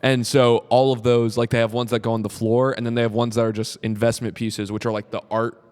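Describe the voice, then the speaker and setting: A young man guests on a comedy podcast, recorded in a podcast room at a comedy club with a big-room sound. His voice is low-ish and darkish, delivered completely flat and quickly. He chats casually, full of "likes," filler words, and jokey asides, putting on voices when quoting himself.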